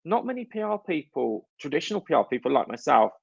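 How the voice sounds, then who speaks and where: Gravelly, blunt, sweary man speaker. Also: on the high side, big pitch swings, fast, dry recording, dull audio. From northern England. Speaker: conference speaker. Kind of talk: conference talk.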